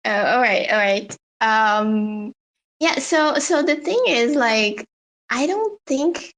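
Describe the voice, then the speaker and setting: A woman's voice: on the high side, expressive, slow, fairly bright tone. A woman joining a live audio chat as a speaker, hesitant and giggly, with lots of fillers. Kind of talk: casual chat.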